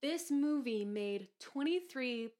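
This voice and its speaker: A woman's voice: high-pitched, lively intonation, slow pace, a little mellow. Playful woman reading movie trivia. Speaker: podcast co-host. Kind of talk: casual chat.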